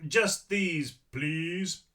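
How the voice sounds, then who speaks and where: A man's voice: sits high, moderate pace, sharp tone, recorded from a distance, pitched above the performer's own voice. A man voicing a nervous teenage boy who stammers and tries to sound older than he is. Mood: flustered. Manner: flustered, stammering.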